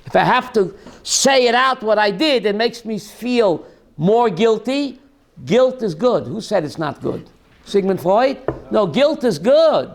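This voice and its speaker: A man teaching a lively Torah class as a rabbi, asking his listeners questions and mixing in Hebrew terms. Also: high-pitched, measured pace. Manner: animated, asks the audience questions, mixes Hebrew terms.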